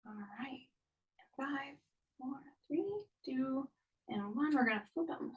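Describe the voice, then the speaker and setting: A woman's voice: high-pitched, takes it slowly, long pauses, distant mic, dull audio. Give me an upbeat woman instructor counting down reps, heard from across the room. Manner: upbeat, encouraging, counts down intervals. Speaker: fitness instructor. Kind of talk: live online workout instruction.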